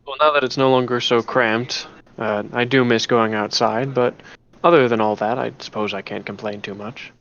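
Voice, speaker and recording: A man voicing a huge, gentle porcupine creature that speaks in a monotone robotic voice, calm and politely formal. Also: mid-range voice, moderate pace, muffled recording, natural voice.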